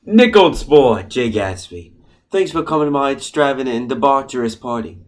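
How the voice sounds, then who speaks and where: A man's voice: medium pitch, animated, normal speed, natural voice. A man voicing a lovesick rich young man with a put-on posh manner in a student comedy play, breezy and smug.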